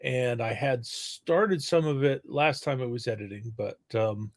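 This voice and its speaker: A man in casual chat about his writing, halting with many restarts. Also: mid-range voice. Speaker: writer guest.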